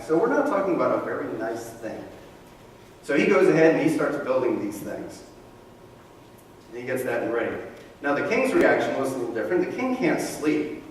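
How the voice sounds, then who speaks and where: A male pastor preaching a sermon, telling the story in a conversational, animated way with casual asides. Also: mid-range voice. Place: church sanctuary. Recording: echoey hall, mic far from speaker, faint room noise.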